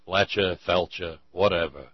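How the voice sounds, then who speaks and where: A man's voice: low voice, unhurried, no echo. A man hosting a political commentary monologue, sarcastic and given to stammering restarts, on a dull lo-fi mic with mains hum. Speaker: show host.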